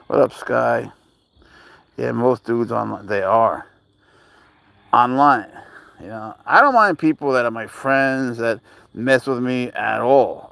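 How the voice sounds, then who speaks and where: A man with a gravelly, creaky voice talks off the cuff on a live stream while outdoors in a park. He rambles bluntly and swears freely, answering viewers' messages as he goes. His pitch sits in an ordinary middle range. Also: fairly bright tone, no echo. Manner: answers chat messages aloud. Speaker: livestreamer walking his cat. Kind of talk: casual livestream chat.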